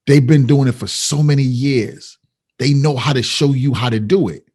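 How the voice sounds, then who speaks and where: A man's voice: medium pitch, normal speed, a little mellow, breathy edge. A man co-hosting a podcast, talking emphatically and hammering his points home by repeating them. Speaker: podcast co-host. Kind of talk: casual podcast conversation.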